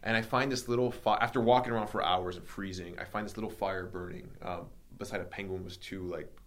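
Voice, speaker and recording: A man with a low-pitched voice recounts a personal story in a relaxed podcast chat. He talks animatedly, acting out what others said, with plenty of ums and likes. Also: fairly quick, slight background noise. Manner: animated, reenacts dialogue, many fillers. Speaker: podcast host telling his story.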